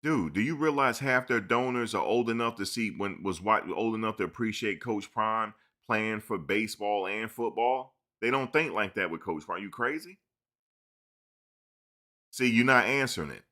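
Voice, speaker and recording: A man hosting a casual live-stream sports talk show, teasing and answering his chat in an animated way. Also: on the low side, moderate pace.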